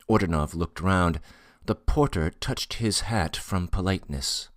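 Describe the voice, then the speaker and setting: A man narrating a classic novel as an audiobook in a measured reading. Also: low voice, dry recording. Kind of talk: scripted narration. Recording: dry close studio recording.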